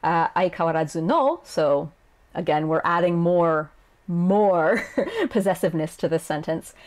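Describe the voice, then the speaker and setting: Chatty woman translator, lowish voice. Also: animated, measured pace, a little mellow. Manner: chatty, laughs often, acts out quoted lines. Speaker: Japanese game translator. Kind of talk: casual explanatory video lesson.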